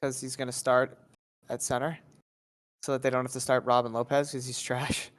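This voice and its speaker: A man co-hosting a casual sports podcast, nasal from being sick, talking in a relaxed way with many fillers. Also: medium pitch, normal speed, no room sound, clean studio sound. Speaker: co-host.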